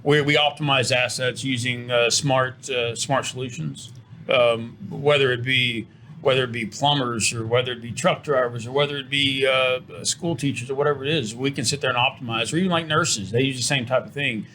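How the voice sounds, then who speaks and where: An earnest middle-aged man pitches his business as a studio interview guest. His voice sits at an ordinary pitch, and he often repeats a word before finding the next one. A faint hiss runs underneath. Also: fairly even intonation, moderate pace, sharp tone. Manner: earnest, pitching, repeats words when restarting. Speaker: trucking company owner, interview guest. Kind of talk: promotional interview talk.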